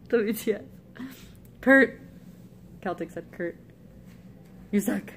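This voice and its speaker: A woman's voice: mid-range voice, takes it slowly, long pauses, breathy edge. A woman streamer chatting casually with friends, giggling often. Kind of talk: casual chat.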